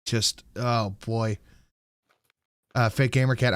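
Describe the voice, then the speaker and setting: A man hosting a podcast, telling an angry story full of swearing and quoting himself loudly. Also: mid-range voice, animated, normal speed, no echo, studio quality. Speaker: podcast host. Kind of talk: casual ranting chat.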